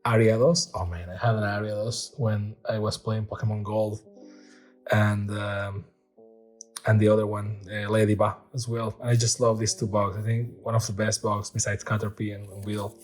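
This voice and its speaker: Man, middle-aged, card-opening host, rambling chat, gets excitable, faint music behind. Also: on the low side. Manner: rambling, excitable, reads card text aloud haltingly. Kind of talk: casual unboxing chat.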